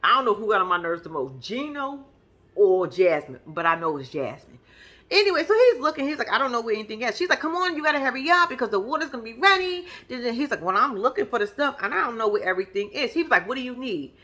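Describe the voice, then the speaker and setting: A young woman, casually and profanely recapping a reality show with sassy, animated storytelling. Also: a little high, quick pace, hardly any pauses.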